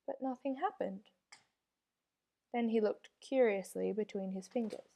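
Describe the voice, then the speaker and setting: A woman reading a children's storybook aloud with steady, expressive narration. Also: mid-range voice, unhurried, gravelly, pauses often. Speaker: reader.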